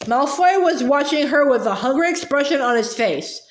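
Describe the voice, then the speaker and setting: A woman narrating an audiobook in a steady, lightly expressive storytelling manner, with small slips, in an indoor room. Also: high voice, moderate pace. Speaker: audiobook reader. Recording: roomy echo.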